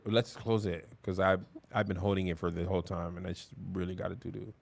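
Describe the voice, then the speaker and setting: Husky low-voiced man co-host. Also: steady tone, fast, no echo. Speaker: podcast co-host. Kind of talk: casual chat.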